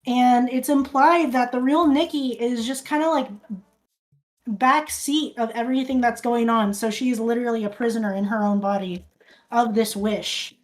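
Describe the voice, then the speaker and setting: A woman's voice: on the high side, fairly even intonation, normal speed. A woman streamer casually recapping a film, rambling, restarting sentences and swearing often.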